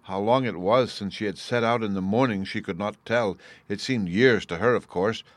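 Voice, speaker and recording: Deep-voiced male storyteller. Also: no room sound. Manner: measured, expressive. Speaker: narrator. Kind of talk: storybook reading.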